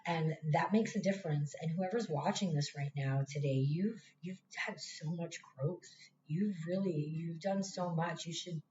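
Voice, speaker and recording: A woman with a fairly low voice gives a casual spiritual tarot talk, blunt and swearing freely as she speaks to her viewers. Her voice comes through an echoey room on a dull, lo-fi recording with faint hiss. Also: a little slow, few pauses, mellow. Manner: candid, swears freely, talks straight to viewers. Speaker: tarot reader.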